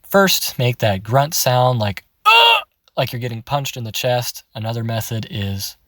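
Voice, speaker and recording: A man giving a relaxed, chatty voice-acting tutorial, laughing often. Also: mid-range voice, moderate pace, no echo. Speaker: voice acting teacher. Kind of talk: casual tutorial. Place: in his car.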